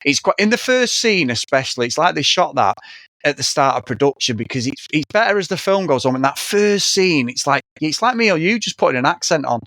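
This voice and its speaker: A man's voice: on the high side, sing-song, a little fast, sharp tone, dry recording. A man co-hosting a podcast, giving blunt, sweary opinions in casual film chat. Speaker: podcast co-host.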